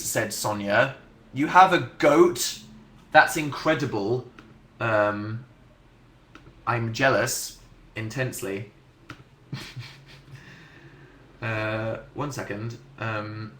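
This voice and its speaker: A young man chats casually on a livestream, answering viewers with dry, self-mocking humour. His voice sounds bright and a little tense. The room rings with a noticeable echo. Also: medium pitch, lively intonation, slow pace, pauses often, a little hiss or hum. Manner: chatty, dry and self-mocking, hums to himself. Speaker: livestream host. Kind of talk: casual livestream chat reading viewer comments.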